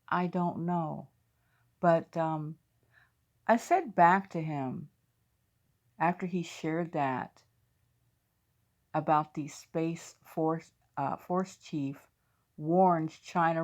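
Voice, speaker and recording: Low-voiced woman chatting to her viewers. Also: a little mellow. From United States. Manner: chatty, talks straight to viewers. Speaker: host of a faith video channel. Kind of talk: casual chat reading out viewers' dreams.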